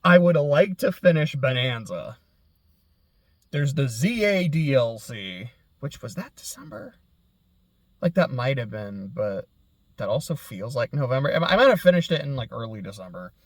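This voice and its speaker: A young man talks casually and alone, drifting from one thought to the next and doubling back to fix his words. His pitch sits in the middle, and his sentences often fade soft at the end. The sound is dry and close, with no room echo. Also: sing-song, normal speed. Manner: rambling, self-correcting, trails off quietly. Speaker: podcast host. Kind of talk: casual solo chat.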